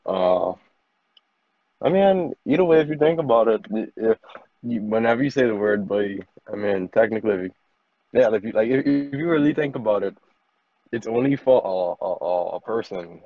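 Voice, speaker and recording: A man's voice: on the low side, animated, normal speed, dry recording, phone-quality sound. A young man on a podcast with friends, rambling through a point in casual chat. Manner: rambling, full of fillers and restarts.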